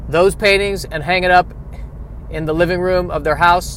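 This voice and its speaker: A man's voice: fairly high pitch, fairly even intonation, normal speed, a bit bright, a little hiss or hum. A man hosting a solo podcast from his car, rambling in a wry, self-deprecating way. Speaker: podcast host. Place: in a car by a street.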